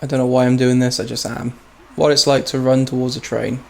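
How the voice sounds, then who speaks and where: Here a man talks a little fast in a gravelly, medium-pitched voice with little pitch movement, and the recording is rough. He offers casual commentary and rambling stories over a train simulator, laughing at himself as the engine and rail sounds play in the background.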